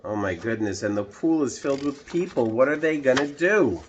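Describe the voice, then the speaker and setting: A man reading a picture book aloud to children, pausing to ask the listener questions. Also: mid-range voice, animated, slight background noise. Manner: slow, asks the listener questions. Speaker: children's storytime reader.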